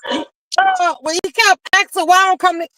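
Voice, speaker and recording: A woman's voice: extremely high pitch, sing-song, moderate pace, bright, forceful tone, no echo. A woman guest on a live stream, telling her side of a feud in a blunt, casual way. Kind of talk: casual chat.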